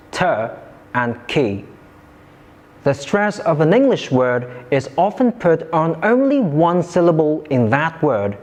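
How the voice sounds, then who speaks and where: A man teaching English pronunciation in a scripted lesson, enunciating slowly and carefully and modelling words for listeners to repeat. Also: on the high side.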